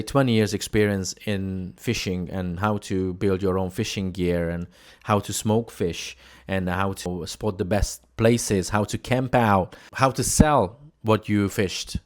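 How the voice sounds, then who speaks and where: A Hungarian man with a Hungarian accent mixed with British English, telling stories to camera in a lively, laughing way. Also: lowish voice. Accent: Hungarian, with British English traces. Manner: animated, laughing, mimics shouting in anecdotes. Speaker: entrepreneur speaking to camera. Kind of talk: casual storytelling talk to camera.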